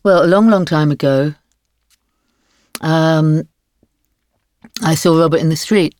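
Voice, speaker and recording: A woman in her sixties, a guest author in a podcast interview, telling stories in a wry, lively way with frequent laughs. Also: low-pitched, takes it slowly.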